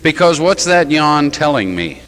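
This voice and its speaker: A man's voice: a little high, sing-song, unhurried, fairly bright tone, poor audio. A man who is a Catholic priest, preaching a sermon in a church with rhetorical questions and wry, self-mocking asides.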